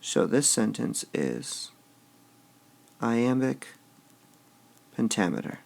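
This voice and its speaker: Slow, gravelly man teaching poetic meter. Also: medium pitch, very animated, a little mellow. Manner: slow and deliberate, sounding out stressed syllables, drops to a mutter when writing. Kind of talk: screen-recorded lesson on poetic meter.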